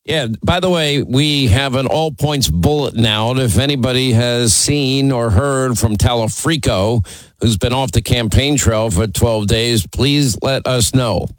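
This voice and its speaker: A man's voice: mid-range voice, a little slow, no room sound, poor audio. A man hosting a call-in radio talk show, talking in an emphatic, opinionated and teasing way from the studio.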